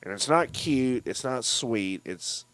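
Profane, animated man on a dry mic. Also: mid-range voice, slow, no room sound. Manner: profane, animated, retells scenes in mocking voices. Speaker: podcast co-host. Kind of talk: casual film discussion.

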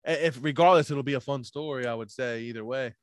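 A man telling stories in a casual chat, animated, swearing a lot and laughing often. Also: medium pitch, fast talker, clear, resonant tone, no echo, clean studio sound. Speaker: podcast co-host.

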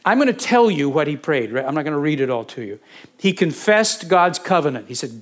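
A pastor giving a sermon, teaching from scripture in a conversational way, with asides and questions put to the congregation. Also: male voice, high voice, sing-song, moderate pace. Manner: conversational, with asides and self-corrections.

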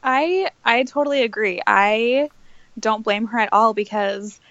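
A woman's voice: fairly high pitch, unhurried, fairly bright tone, no echo, dull audio. A woman appearing as a guest on a podcast, chatting casually and giggling easily. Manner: giggly, easygoing. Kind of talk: casual chat.

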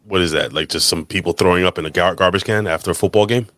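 A man hosting a live podcast, reading out chat shout-outs in a loose, crude showman style. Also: low-pitched, fast, no room sound. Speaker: podcast host. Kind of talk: casual live podcast banter.

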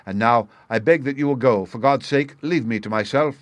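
A man's voice: mid-range voice, moderate pace, dry recording, lightly acted. A man reading the part of a frightened male company manager who speaks with forced politeness. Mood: strained courtesy.

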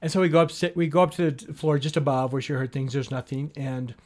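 A man's voice: mid-range voice, steady tone, fast talker, darkish tone. A man telling a long story to a listener in casual conversation, acting out the dialogue with lots of "she goes" and "I go.".

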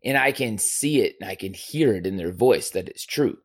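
A male podcast host telling a story in casual chat, animated and profane, swinging between loud bursts and quiet asides. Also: fairly low pitch, moderate pace, breathy edge.

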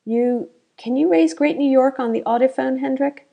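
A woman's voice: high-pitched, normal speed, creaky, mellow, muffled recording, voice pushed up. A woman doing a coaxing, nervous young woman. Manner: urgent, coaxing. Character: young woman, outwardly confident, hiding fear.

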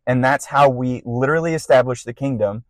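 A young man hosting a podcast, telling a personal faith testimony in a casual, rambling way with bursts of excitement. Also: mid-range voice, brisk, no echo, low-quality recording. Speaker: podcast host.

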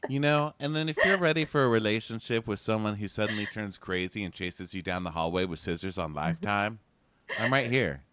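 A man co-hosting a casual comedic recap chat, talking in an animated, mocking way and jumping into squeaky impressions. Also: fairly quick, dry recording. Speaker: podcast co-host.

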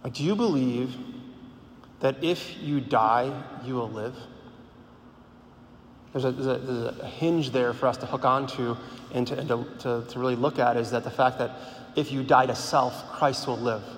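A man's voice: medium pitch, fairly even intonation, moderate pace. A man giving an informal sermon, talking conversationally with lots of "like", repeated words and rhetorical questions. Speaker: speaker at a Catholic gathering. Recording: long hall reverb, faint background noise.

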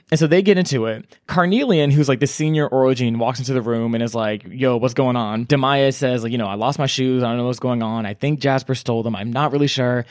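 A man's voice: medium pitch, no echo, clean studio sound. A man co-hosting a book club podcast, casually summarizing a plot and acting out the characters' lines. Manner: animated retelling, acts out characters' lines.

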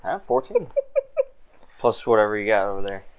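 A man's voice: lowish voice, very animated, normal speed, clean tone. A man running a tabletop game as game master, narrating loosely with laughs and fillers.

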